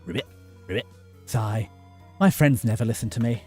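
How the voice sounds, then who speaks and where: A man voicing a small, lonely frog monster in a game, in a low, glum way. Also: animated, normal speed, mellow, husky, faint music behind.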